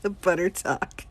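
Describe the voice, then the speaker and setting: A woman's voice: mid-range voice, fairly bright tone, husky, no room sound. A woman attorney on a casual live stream, reading out viewer questions and answering them with lots of laughter. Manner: giggly, reads out chat questions and answers them.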